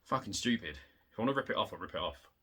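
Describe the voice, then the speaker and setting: A man showing off his retro game collection in a casual, rambling way, excitable and swearing, getting worked up in rants, hot and sweaty. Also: rapid-fire, slightly rough. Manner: excitable, swearing, rants with big pitch jumps. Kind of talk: casual rambling show-and-tell.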